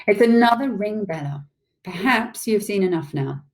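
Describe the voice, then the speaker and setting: A woman's voice: mid-range voice, animated, normal speed, lightly acted. A woman voicing a kindly old male giant from a storybook who talks in odd, broken grammar. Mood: whimsical.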